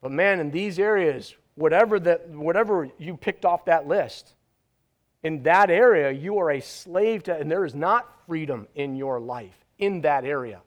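A man pastor delivers a sermon with a high voice. He talks conversationally but hits key words hard and pauses for dramatic effect. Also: lively intonation.

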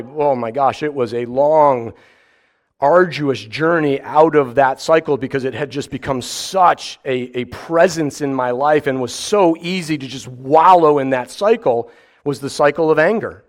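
A man preaching a sermon in an animated way, acting out mock voices and firing rhetorical questions. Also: mid-range voice, measured pace.

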